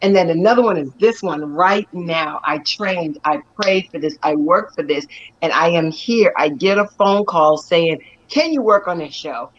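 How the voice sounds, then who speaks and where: Excited woman telling stories, dull audio. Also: fairly low pitch, moderate pace. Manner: animated, laughs often, lively storytelling. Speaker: actress and stunt performer. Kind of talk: excited storytelling in an interview.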